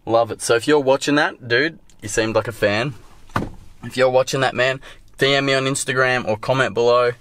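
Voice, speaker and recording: A man's voice: mid-range voice, steady tone, brisk, fairly bright tone, a little hiss or hum. A young man with an Australian accent, talking casually to his camera at home and at a skate park, swearing freely and rambling. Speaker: vlogger and scooter rider. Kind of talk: casual vlog talk.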